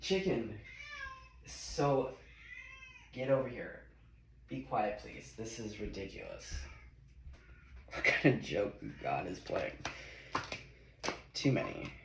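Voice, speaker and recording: A low-voiced man with a gravelly edge chats his way through a tarot reading in his kitchen, talking to himself and swearing freely. He speaks slowly, and his pitch rises and falls a lot. The phone mic picks up an echoey room with loud noise behind him. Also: sing-song. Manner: chatty, swears and laughs, talks to himself. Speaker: tarot reader. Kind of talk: casual tarot reading vlog. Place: home kitchen.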